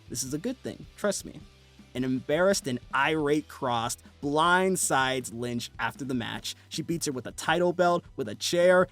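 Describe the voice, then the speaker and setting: Man narrating in a brisk, animated way. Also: mid-range voice. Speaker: wrestling video narrator. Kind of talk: scripted narration.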